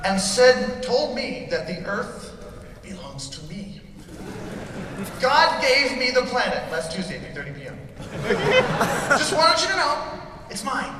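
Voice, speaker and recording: A stand-up comedian with a very high, sing-song voice speaks at a measured pace with long pauses. He delivers a crude, ranting set in a mock-pompous manner in a large convention hall, recorded from far off amid echo and crowd noise as the audience laughs and cheers.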